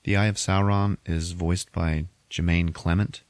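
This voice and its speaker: A man's voice: low voice, flat delivery, unhurried, clean tone, no room sound. A man hosting a podcast, casually retelling a movie plot and chuckling often as he goes. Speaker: podcast host.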